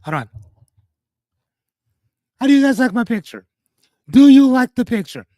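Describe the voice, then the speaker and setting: A man's voice: very high-pitched, sing-song, normal speed, warm tone, no room sound, studio quality. A young man hosting a casual livestream, reading out viewers' names and joking, cursing and breaking off with "hold on". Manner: loose and joking, reads out chat names and comments; swears casually, breaks off with 'hold on'. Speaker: livestream host.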